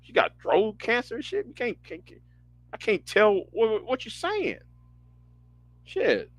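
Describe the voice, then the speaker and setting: Lively, bright-voiced man ranting on a stream. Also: high voice, measured pace, no room sound. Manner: animated, profane, stammering restarts. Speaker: livestream host. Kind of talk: casual livestream rant.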